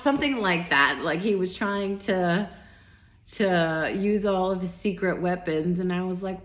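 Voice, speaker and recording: A woman's voice: medium pitch, animated, measured pace, fairly bright tone, reverberant. Chatty woman telling a dating story. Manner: chatty, quotes both sides of conversations, frequent fillers and restarts. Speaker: vlogger recounting dates. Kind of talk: casual storytelling monologue.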